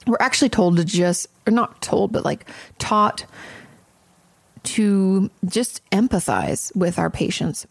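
A woman's voice: medium pitch, creaky, no echo. A woman therapist hosting an advice podcast, talking in a chatty, frank way and swearing casually.

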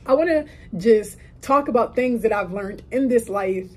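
A woman's voice: on the high side, animated, normal speed, darkish tone, rough recording. A woman of 30 hosting a solo podcast from a hotel room, talking in a heartfelt, emphatic, motivational way. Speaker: podcast host. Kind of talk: casual solo podcast talk.

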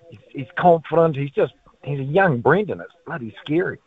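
A New Zealand man calls a sports radio show over a tinny phone line. His pitch jumps around a lot as he rambles on in an excitable, slangy way. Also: moderate pace, husky. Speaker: caller. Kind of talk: phone-in chat.

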